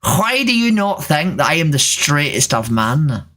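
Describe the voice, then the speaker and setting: A woman's voice: low voice, sing-song, measured pace, fairly bright tone. A trans woman hosting a video chat stream, joking and teasing strangers in casual talk. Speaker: livestream host chatting with strangers. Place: home room, seated at camera.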